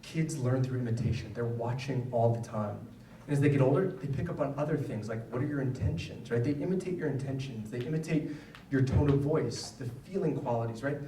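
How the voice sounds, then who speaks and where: A man's voice: medium pitch, brisk, few pauses, mellow, slight background noise. Guy giving a parenting talk, chatty, keeps saying right?, mic a bit far off, echoey room. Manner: conversational, often ends points with "right?". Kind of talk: public lecture with personal stories. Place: school event hall. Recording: roomy, distant mic, faint ambience.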